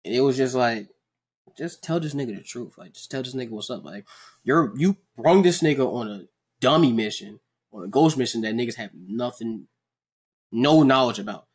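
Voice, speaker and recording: A young man casually chatting on a podcast, animated and profane, acting out characters between laughs. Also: medium pitch, moderate pace, husky. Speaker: podcast host.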